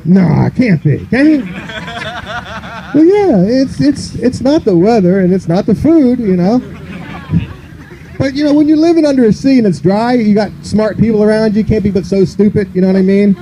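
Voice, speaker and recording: A man's voice: high voice, fairly quick, warm tone, a little hiss or hum, rough recording. A man from the northern United States doing a loose, rambling stand-up comedy set on an outdoor park stage, filling his talk with "you know".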